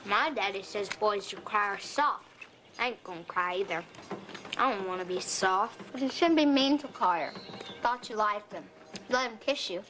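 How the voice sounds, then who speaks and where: A woman's voice: mid-range voice, a bit bright, slight background noise, lightly acted. An actress playing a blunt, bossy tomboy girl who talks defiantly. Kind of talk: television drama acting.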